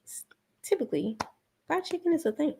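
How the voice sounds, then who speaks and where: A woman's voice: high voice, sing-song, brisk, vocal fry, dark tone. A woman co-hosting a casual TV review chat over a video call, making dry, brief remarks. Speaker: review co-host.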